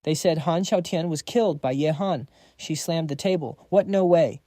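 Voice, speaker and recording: A male narrator telling a story recap in casual, slangy language. His voice is mellow and set a little high. The recording is dry and close. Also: moderate pace, no room sound.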